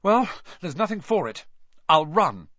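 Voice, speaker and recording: A man's voice: high voice, sing-song, unhurried, a bit bright, no echo, dull audio, pitched above the performer's own voice, heavily acted. A man voicing a brave, level-headed schoolboy wizard with an earnest, urgent manner.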